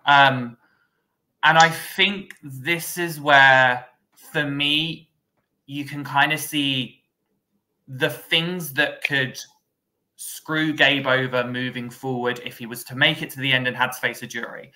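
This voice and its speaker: Casting note: male podcast co-host with a bright, forward tone, casual and conversational. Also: medium pitch, fairly even intonation, takes it slowly. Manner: conversational, thinks aloud with fillers. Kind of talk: casual recap chat.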